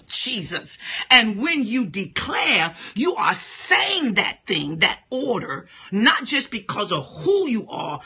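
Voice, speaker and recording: A middle-aged woman preaching an energetic, emphatic monologue as a speaking coach, repeating phrases and exclaiming. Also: medium pitch, breathy edge.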